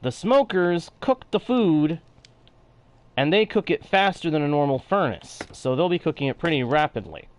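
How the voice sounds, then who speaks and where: Smooth-voiced man streaming with a drawl. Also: a little high, animated, normal speed. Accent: Texan-sounding drawl. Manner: talks through building steps, reads chat aloud. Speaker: gaming streamer. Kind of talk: live game commentary, chatting with viewers.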